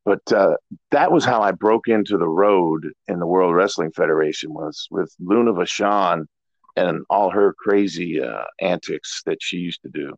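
A middle-aged man, a former wrestler, telling stories in a relaxed, rambling way as an interview guest. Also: low-pitched, normal speed, creaky, no room sound. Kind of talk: casual storytelling interview. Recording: dull lo-fi dry audio.

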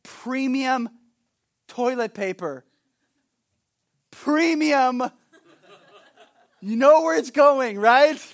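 A man preaching a sermon as pastor, swinging from animated storytelling to hushed, earnest points. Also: extremely high pitch, unhurried, creaky, hardly any pauses. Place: Hawaii.

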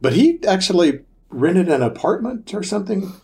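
A man hosting an interview, asking measured, courteous questions. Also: high-pitched, big pitch swings, creaky, dark tone. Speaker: interview host.

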